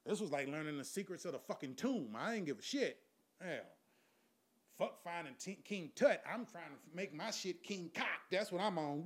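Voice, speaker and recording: A middle-aged man works through a raunchy stand-up routine in a slightly high voice. He is profane and animated and keeps cracking himself up as he tells it. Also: moderate pace. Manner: profane, animated, laughs at his own jokes. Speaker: stand-up comedian. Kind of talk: crude stand-up storytelling.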